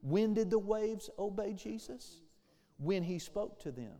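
In a hall where the reverb lingers long, a pastor delivers his sermon expressively and a little slowly. His voice is high and mellow, and he asks for amens and slips into the voices of those he quotes.

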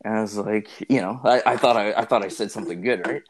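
A man's voice: on the low side, fast. A young man telling an embarrassing story in casual, profane chat, rambling and packing his speech with fillers.

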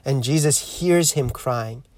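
A man hosting a podcast, giving a reflective spiritual teaching in a measured, earnest way that slows down to stress key points. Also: mid-range voice, a little mellow, dry recording. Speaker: podcast host.

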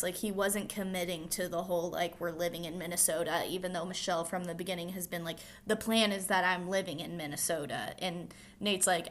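A woman's voice: on the low side, fairly even intonation, brisk, few pauses. A young woman co-hosting a podcast, chatting casually and filling her talk with "like". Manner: chatty, lots of "like" fillers. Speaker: podcast co-host. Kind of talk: casual recap chat.

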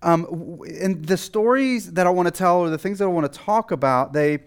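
A man's voice: high voice, moderate pace, clear, resonant tone. A man from Texas with a light Texan accent, a pastor giving a conversational sermon full of fillers and restarts.

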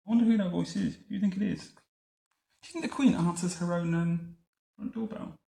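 Gravelly man reading a storybook, dry asides. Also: high voice, a little fast, mellow. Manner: dry, wry commentary between story lines. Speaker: parent reading a picture book aloud. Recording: roomy echo.

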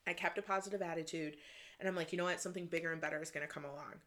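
A woman from Michigan, hosting a podcast, telling a personal story in an excitable, casual way, with lots of "like" and some swearing. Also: fairly low pitch, very fast. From Michigan, USA. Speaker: podcast host.

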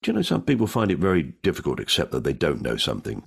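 An older English man with a husky voice, chatting as a podcast guest in a playful way, slipping into put-on voices. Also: a bass voice, wildly swooping pitch, racing. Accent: southern English, educated. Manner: playful, slips into put-on voices and cockney impressions. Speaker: comedian and podcast host, guest. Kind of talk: casual chat.

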